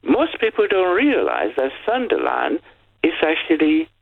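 A caller in their sixties, telling stories in an animated way on a radio phone-in. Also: mid-range voice, a little slow, gravelly. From Nigeria. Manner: animated storytelling. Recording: tinny phone line.

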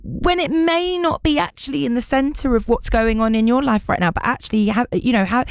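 A woman's voice: fairly high pitch, a little fast, dry recording, studio quality. A woman interviewing a guest, speaking thoughtfully and rephrasing her points as she goes. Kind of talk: reflective podcast interview.

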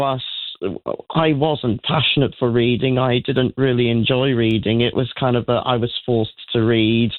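A man calling in to a radio phone-in, eager and earnest, a little halting. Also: medium pitch, no echo. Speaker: radio caller. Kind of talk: phone-in chat. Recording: tinny phone line.

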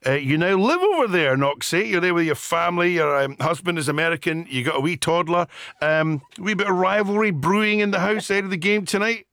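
A man's voice: sits high, a little fast, a bit bright, no room sound, clean studio sound. A man with a Scottish accent presenting a live radio show, chatting playfully with his co-host and guests. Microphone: studio microphone with headphones.

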